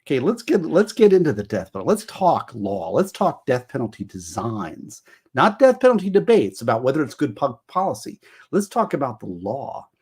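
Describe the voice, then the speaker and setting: A husky-voiced middle-aged man talks loosely on a livestream, drifting between memories and law. His pitch sits in an ordinary middle range. He explains cases in a casual, meandering way. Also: sing-song, moderate pace, darkish tone. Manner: rambling, emotional, explains law. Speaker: livestream host.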